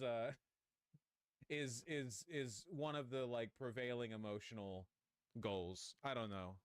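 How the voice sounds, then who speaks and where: A man's voice: mid-range voice, measured pace, smooth, dry recording. A man hosting a live stream, reacting to clips in rambling, profane commentary with frequent restarts. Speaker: streamer host.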